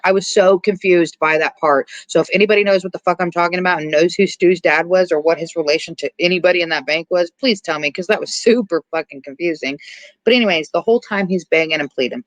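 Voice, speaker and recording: A podcast host casually recapping a horror movie's plot, animated and quick to swear. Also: mid-range voice, no echo, rough recording. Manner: animated storytelling, frequent swearing.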